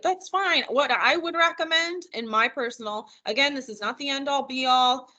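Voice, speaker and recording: A woman's voice: high voice, normal speed, hardly any pauses, bright, forceful tone. A woman giving a live virtual financial wellness training, chatty and encouraging as she answers questions from attendees over a computer microphone. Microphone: computer mic on a video call.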